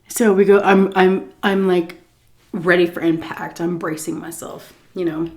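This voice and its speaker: A woman vlogger telling a story on an eating vlog, animated and profane, often clearing her throat. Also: fairly low pitch, normal speed.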